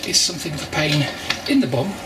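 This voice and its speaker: Home brewer, chatty how-to, loud clattery noise behind. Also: male voice, a little high, lively intonation, fast talker. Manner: chatty, explaining as he works, wry asides. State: exerting while stirring. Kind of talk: casual how-to vlog narration. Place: home brewing setup.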